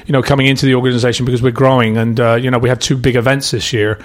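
A man's voice: mid-range voice, level tone, racing. A middle-aged man from England, a charity founder and actor, talking in a casual interview with many restarts and fillers.

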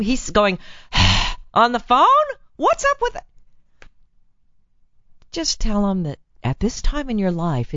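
A woman's voice: medium pitch, no room sound, muffled recording. A woman hosting a relationship advice show, talking frankly and laughing easily as she reads a listener's letter.

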